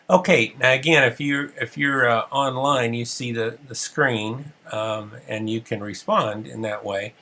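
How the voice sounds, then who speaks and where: Gravelly middle-aged man, fading voice. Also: mid-range voice, slow, sharp tone. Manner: chatty, rambling with many fillers. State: losing his voice. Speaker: counseling supervision trainer. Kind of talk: casual online training webinar.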